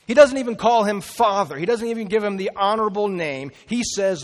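A man's voice: high voice, brisk, hardly any pauses. A man preaching a sermon, telling the story with animation and acting out the characters' lines. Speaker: pastor. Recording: reverberant hall.

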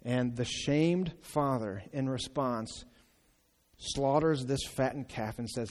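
A man preaching a sermon in an animated, exclaiming way, acting out the voices in his story, in a church hall. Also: mid-range voice, slow pace. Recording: long reverb of a large hall.

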